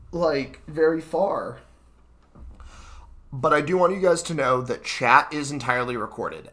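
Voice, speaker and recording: Male host, stuffy nose, lowish bright voice, rambling filler-heavy livestream chat from his room. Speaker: author hosting a live book reading. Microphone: computer mic at his desk.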